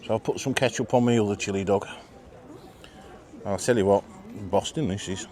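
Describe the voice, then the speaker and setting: A British man with a fairly low voice hosts a casual food vlog at a marina, rating what he eats and bantering between bites. His talk is chatty and jokey, recorded outdoors. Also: moderate pace, a little mellow. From Britain. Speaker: vlog host.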